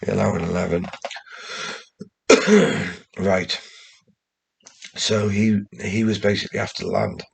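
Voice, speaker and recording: A man talking in a rambling, casual monologue, often swearing and restarting his sentences, with a gravelly, husky voice. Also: on the low side, unhurried, long pauses, noisy background. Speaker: commentator.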